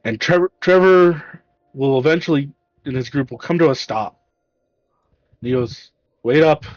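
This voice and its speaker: A man narrating a tabletop game as game master, in a casual, halting way with restarts. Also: fairly high pitch, animated, no echo, lo-fi sound.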